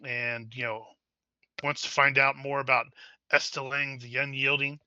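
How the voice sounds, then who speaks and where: A man's voice: mid-range voice, little pitch movement, unhurried, pushed and bright, clear, resonant tone, dry recording. A man playing in a tabletop game, talking casually and joking. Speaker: player. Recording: dry, dull lo-fi audio.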